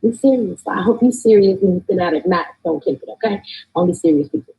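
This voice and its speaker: Woman, livestream host, very husky tone, gravelly fry, loose joking chatter, tablet mic. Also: on the low side, expressive, quick pace, mellow, rough recording. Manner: loose and joking, with laughs and cussing. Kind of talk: casual livestream chat. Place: remote location. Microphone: streaming from a tablet.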